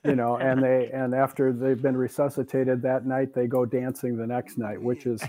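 Mellow-voiced male guest, wry and stammering. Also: medium pitch, level tone, normal speed. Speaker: expert guest. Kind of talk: expert advice on a call-in show.

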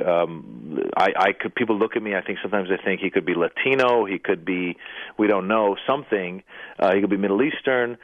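A man with a low-set voice tells anecdotes as a radio interview guest, slipping into the voices of the people he quotes. His line comes through thin and tinny, like a phone call, with a completely dry sound. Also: dry recording. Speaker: comedian and actor, interview guest.

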